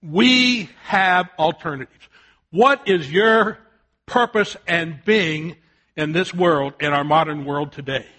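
An older man preaching a sermon, telling a folksy family story and swinging from loud shouted warnings to soft, quiet appeals. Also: on the high side, slow.

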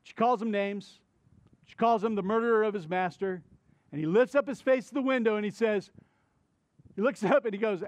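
A male pastor delivering a sermon in a conversational, animated style, retelling a story with asides to the congregation. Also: sits high, fairly quick.

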